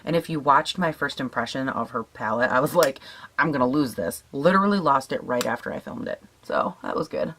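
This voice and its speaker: A young woman with a raspy morning voice, chatting casually as she tests makeup, swearing now and then and laughing at herself. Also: rumbling low, lively intonation, fairly quick, fairly bright tone, a little hiss or hum. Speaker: beauty vlogger. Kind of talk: casual makeup tutorial chat.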